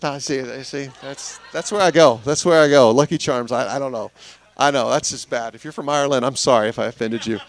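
A man's voice: mid-range voice, no echo. A man preaching a sermon in a conversational, earnest way, talking straight to the congregation. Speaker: pastor.

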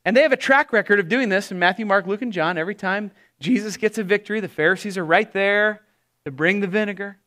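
High bright-voiced male preacher. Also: fast. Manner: animated, acts out quoted voices. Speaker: pastor. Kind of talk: sermon.

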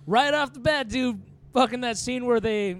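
A man co-hosting a casual podcast, swearing a lot and joking in an animated way. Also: extremely high pitch, normal speed. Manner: profane, animated, jokey. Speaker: podcast co-host. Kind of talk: casual chat.

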